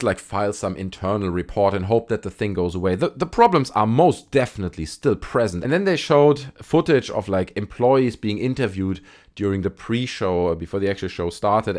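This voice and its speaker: A man giving blunt, sarcastic, opinionated commentary on video games as a YouTuber. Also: mid-range voice. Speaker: gaming YouTuber.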